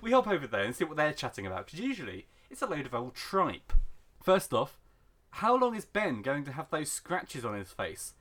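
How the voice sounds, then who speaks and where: A man hosting a podcast in a brisk, mock-serious way, laying on the sarcasm. His pitch swings widely as he talks, rising and falling with each joke. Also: wildly swooping pitch, fairly bright tone. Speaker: podcast host. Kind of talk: casual podcast chat.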